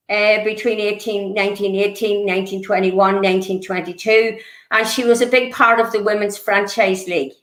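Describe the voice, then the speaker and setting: A woman's voice: mid-range voice, fairly bright tone, roomy sound, low-quality recording. A woman presenting local history, earnest and explanatory, with many fillers and restarts. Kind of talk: illustrated history talk.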